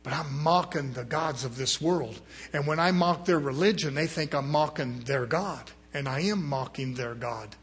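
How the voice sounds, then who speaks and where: Male preacher, husky voice sitting a bit high, surges loud then drops to a murmur, mimics the people he quotes. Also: normal speed. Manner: swings from loud rising exhortation to low murmured asides. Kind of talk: sermon.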